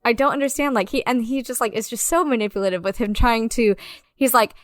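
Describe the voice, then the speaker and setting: A woman's voice: on the high side, fast talker, no echo, studio quality. A woman co-hosting a podcast, chatting casually about films, filling her speech with "like" and acting out quoted lines. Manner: lots of "like", acts out quoted dialogue. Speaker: podcast co-host. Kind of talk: casual film-review chat.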